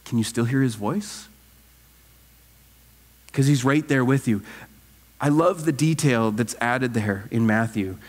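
A man, a pastor, preaching an earnest, animated sermon full of rhetorical questions. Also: medium pitch, in a large hall. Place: church sanctuary.

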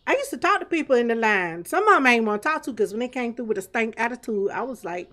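A woman's voice: fairly high pitch, lively intonation, quick pace, hardly any pauses, fairly bright tone. A woman streamer giving chatty live gameplay commentary, laughing often and talking back to chat and the game's customers.

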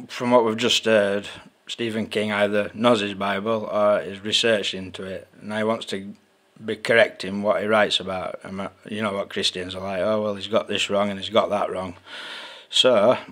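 A man explaining casually to his camera in a plain, halting, informal way. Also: fairly low pitch, a bit bright. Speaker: video uploader. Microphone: camera mic.

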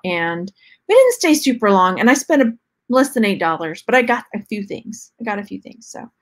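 A woman's voice: a little high, very animated, moderate pace. A chatty woman from Texas hosting a casual live jewelry unboxing, rambling and reading the chat as she goes. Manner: chatty, rambling, talks to her cat and to chat. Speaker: jewelry reseller and channel host.

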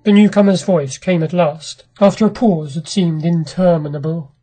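A woman reading a classic short story aloud in a measured, dramatic narration. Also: lowish voice, fairly even intonation, mellow, faint music behind.

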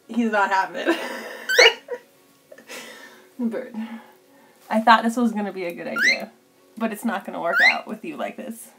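A woman's voice: medium pitch, wildly swooping pitch, normal speed, long pauses, over loud music. A woman streaming cosplay work from home, chatting casually with viewers and her pet bird, laughing often. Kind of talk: casual live stream chat.

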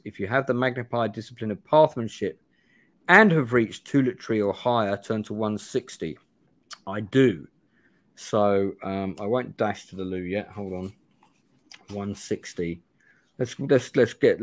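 A man in his forties hosting a live play-through, reading a gamebook aloud with restarts and asides. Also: fairly low pitch. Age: 40s.

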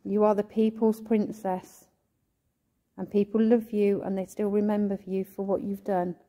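A woman talks through a ghost-hunting vlog inside a church, calling out in a coaxing, pleading way. Her voice is warm and mellow, and she sounds emotional. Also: mid-range voice, little pitch movement, normal speed. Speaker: ghost hunter vlogger.

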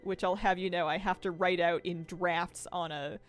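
A woman's voice: on the low side, fairly even intonation, normal speed, faint music behind. A young adult woman streaming a game, chatting casually and rambling, often breaking into laughter. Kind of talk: casual live-stream chat while gaming.

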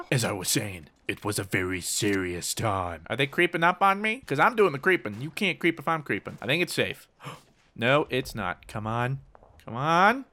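A man commenting on his own gameplay, switching between mock-serious war narration and excited, jokey outbursts. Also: medium pitch, normal speed. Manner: jokey, teasing. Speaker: gaming YouTuber.

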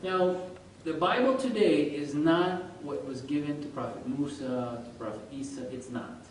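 High-voiced man lecturing in an echoey room. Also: moderate pace. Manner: animated, quizzes listeners, chuckles. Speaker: religious study teacher. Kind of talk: informal lecture to a group. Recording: very echoey room, far from mic, faint rumble.

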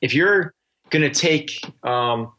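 A man's voice: fairly high pitch, animated, slow pace, bright, forceful tone. A man talking earnestly as a coaching guest on a podcast, restarting his sentences often. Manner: earnest, with many restarts and fillers. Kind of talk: casual interview talk.

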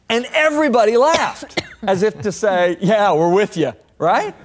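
A man in his sixties, speaking as a guest on a TV talk show. He tells stories with a sermon-like drive, his voice sitting a touch high and leaping higher when a story peaks. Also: takes it slowly. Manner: lively, swings pitch up and down while telling stories.

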